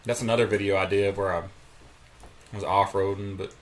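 A man's voice: fairly low pitch, level tone, fairly quick. A man chatting as a guest, rambling with many restarts. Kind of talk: casual chat.

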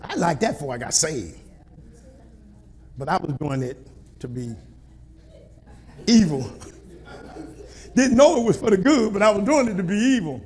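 A male pastor preaching a sermon in a call-and-response style, swinging between quiet asides and shouted lines. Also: high voice, lively intonation, a little slow, pauses often.

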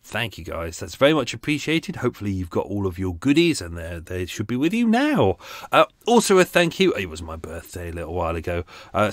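British male podcast host, casual self-mocking chat, lively up-and-down delivery, dry close sound. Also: lowish voice, no room sound. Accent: British English. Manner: chatty, self-mocking, rambling asides. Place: home studio.

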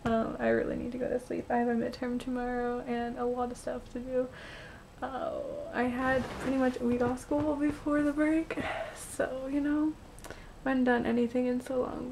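A young woman vlogging, overtired, gushing and repeating herself in breathless excitement. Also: high-pitched, gravelly, a little hiss or hum, poor audio. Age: young adult. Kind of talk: excited vlog talk.

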